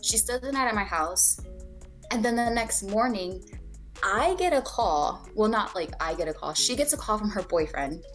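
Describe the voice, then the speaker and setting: A woman's voice: mid-range voice, animated, normal speed, soft background music. A young woman co-hosting a podcast, casually telling a personal story, swearing freely and acting out what people said. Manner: candid, swears freely, acts out quoted dialogue. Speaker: podcast co-host.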